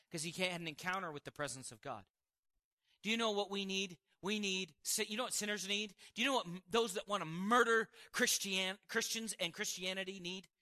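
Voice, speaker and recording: Lively high-voiced male preacher. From Montana, United States. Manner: animated, laughs often, quick asides. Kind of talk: sermon.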